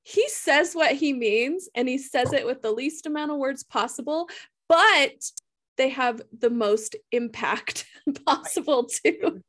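A woman's voice: sits high, measured pace, fairly bright tone. A woman author co-hosting a casual podcast, laughing easily and making self-deprecating remarks. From United States. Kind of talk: casual chat.

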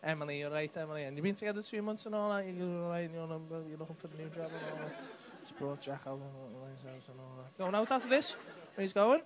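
A male stand-up speaks at a fairly high pitch and a fairly quick clip. He teases audience members from a club stage with plenty of swearing, and the crowd laughs faintly in the background.

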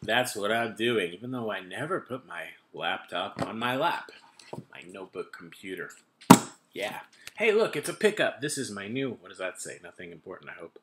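A man's voice: sits low, lively intonation, normal speed, roomy sound, noisy background. A man in his thirties rambling casually at his laptop camera at home, making self-deprecating asides. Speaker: vlogger. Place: home room with kitchen items.

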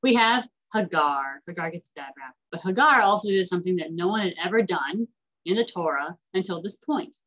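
A woman teaching an online class in a chatty, animated way, acting out the characters as she retells stories. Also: on the low side, fairly quick, low-quality recording.

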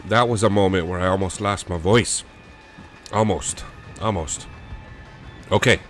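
A man's voice: low voice, a little slow, a bit bright, faint music behind. A man with a cold giving frantic, jokey commentary while playing a video game. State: has a cold. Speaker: let's play gamer. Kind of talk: gaming commentary.

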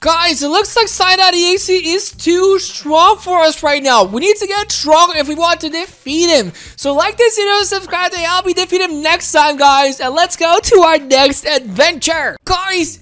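A woman giving excitable, childlike gameplay commentary while speaking as her game character. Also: very high-pitched, normal speed, hardly any pauses, faint music behind. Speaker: game streamer.

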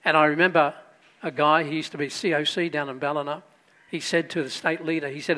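Here a pastor with a rather high male voice gives a sermon a bit on the fast side, his intonation fairly even. His storytelling swells with emphasis before dropping into hushed asides.

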